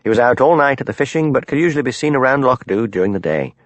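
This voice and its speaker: A man narrating an audiobook with an expressive, varied reading. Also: mid-range voice, quick pace, no echo.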